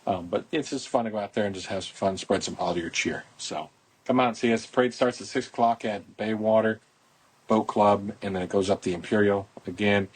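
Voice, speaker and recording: A man's voice: lowish voice, a little fast, slightly rough. A middle-aged man hosting a casual podcast, talking outdoors into a phone in a rambling, folksy promotional way. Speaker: podcast host, boat club owner.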